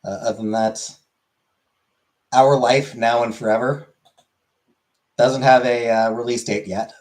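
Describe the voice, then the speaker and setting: Male streamer, casual rambling chat, mid-pitched, answers viewers. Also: fairly even intonation, unhurried, a little mellow.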